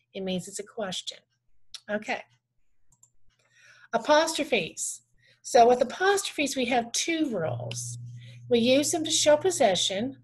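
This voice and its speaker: Woman teaching grammar from slides. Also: fairly high pitch. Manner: reads examples slowly, with small restarts. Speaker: adult education teacher. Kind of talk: slide-based grammar lesson.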